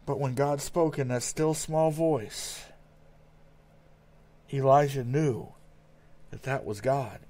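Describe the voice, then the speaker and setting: A man's voice: medium pitch, slow pace, long pauses, a little mellow. Earnest man preaching a sermon. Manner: earnest, with frequent repeated words and restarts. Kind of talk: sermon reading scripture aloud.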